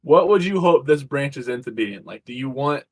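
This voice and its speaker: A man co-hosting a podcast, asking questions in relaxed casual chat. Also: medium pitch, normal speed. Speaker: podcast co-host.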